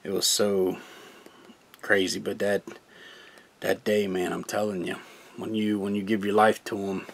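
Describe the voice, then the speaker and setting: A man's voice: fairly low pitch, little pitch movement, a little slow, gravelly, pauses often. A young man, a gaming channel host, talking casually and earnestly about his faith, rambling and laughing often. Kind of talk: casual personal testimony.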